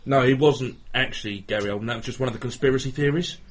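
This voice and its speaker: A man's voice: mid-range voice, fast. A man co-hosting a podcast, joking and swearing freely in casual banter. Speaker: podcast co-host.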